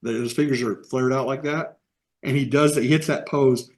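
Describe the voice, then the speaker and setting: A man's voice: medium pitch, steady tone, normal speed. Middle-aged midwest guy rambling thru old stories on a video call, acts out voices. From American Midwest. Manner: rambling anecdotes with quoted voices. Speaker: interview guest, animation artist. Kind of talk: casual storytelling interview.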